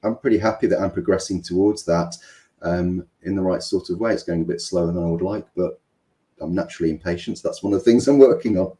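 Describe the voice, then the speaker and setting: Deep-voiced hesitant Mancunian man. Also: fast, warm tone. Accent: Mancunian English. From England. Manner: rambling, hesitant, many ums and restarts. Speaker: business coach, guest. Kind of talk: interview conversation.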